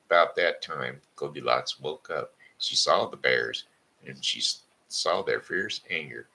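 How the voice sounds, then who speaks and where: A man hosting a live show, stuffy from sinus trouble, reading a story and scripture aloud in a slow, halting way. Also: very deep voice, gravelly, pushed and bright, breathy edge, rough recording. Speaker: host of a live blog show.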